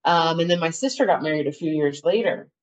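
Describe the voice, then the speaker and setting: A woman's voice: deep voice, fairly quick. A woman telling her personal story as a podcast guest, in an earnest, rambling way. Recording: dull, lo-fi audio.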